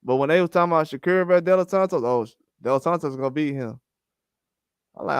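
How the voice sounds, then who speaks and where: This boxing channel host talks fast in a slightly high, smooth, resonant voice, recorded dry and close with no echo or room sound. He rants through casual commentary and acts out the back-and-forth of the people he quotes.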